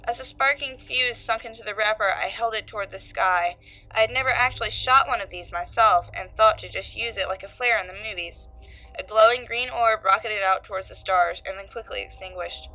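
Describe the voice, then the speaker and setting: Woman reader for a horror story, bright and forceful tone, soft music underneath. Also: fairly quick, poor audio. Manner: voices characters with shifts in loudness and pitch. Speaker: creepypasta reader. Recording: faint background music.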